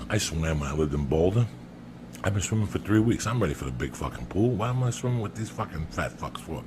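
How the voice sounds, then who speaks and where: Gravelly, low-pitched man, profane animated storyteller, noisy podcast audio. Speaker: podcast guest. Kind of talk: storytelling anecdote.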